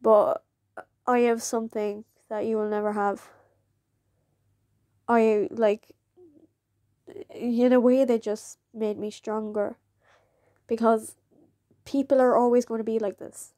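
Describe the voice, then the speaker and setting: A woman's voice: on the high side, level tone, slow pace, pauses often, mellow, no room sound. A woman, telling a personal story in a candid, chatty way and laughing often. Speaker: vlogger.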